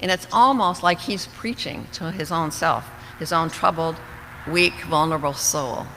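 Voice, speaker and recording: In a church hall, a woman leads a women's fellowship Bible study, her low-pitched voice fairly bright and a little slow. She is earnest and reflective, occasionally slipping and restarting, and the room echoes with faint noise behind her.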